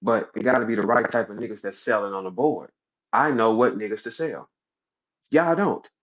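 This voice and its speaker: A man's voice: normal speed, fairly bright tone. A man, running a battle rap league, rants boastfully and heatedly on a livestream, profane and brash. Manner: boastful, brash, profane and heated, voice jumping high when he acts out scenes. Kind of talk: unscripted livestream rant. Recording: slightly dull lo-fi audio.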